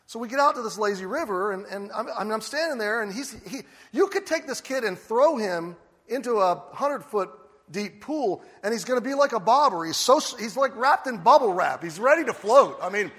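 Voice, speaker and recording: An older man preaching a sermon as a lively storyteller who acts out the scenes he describes. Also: high voice, fairly quick, husky. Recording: long hall reverb.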